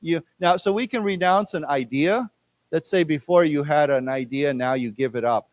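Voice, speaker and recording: A man teaching an English class, explaining words patiently and leading the group through slow repetitions. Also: on the high side, no echo. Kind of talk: classroom lecture. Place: library lecture room.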